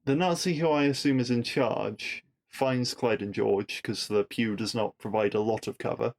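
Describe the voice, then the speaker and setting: A man's voice: medium pitch, fairly even intonation, moderate pace, vocal fry. A man hosting a podcast, casually recapping a TV episode with wry asides and rhetorical questions.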